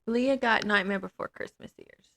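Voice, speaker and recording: A woman's voice: medium pitch, moderate pace, gravelly, a bit bright. A middle-aged woman co-hosting a casual chat, chiming in and adding details to the story. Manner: chimes in, adds details. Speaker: co-host.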